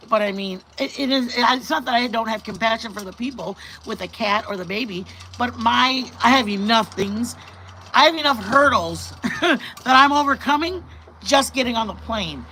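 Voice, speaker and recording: A middle-aged woman hosting a casual live-stream chat, rambling and animated with bursts of loud laughter. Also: mid-range voice, a little hiss or hum, rough recording. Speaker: channel host.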